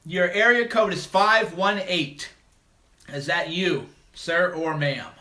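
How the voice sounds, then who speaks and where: A man's voice: high voice, slow pace, bright, forceful tone. A man hosting a call-in livestream, talking bluntly and mocking his critics in a combative monologue. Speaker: livestream host.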